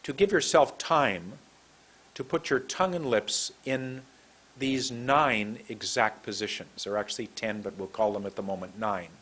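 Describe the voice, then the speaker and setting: A man teaching English pronunciation in a lesson, speaking slowly and deliberately as he demonstrates words one at a time. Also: lowish voice, a bit bright. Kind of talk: instructional lesson, slow drills.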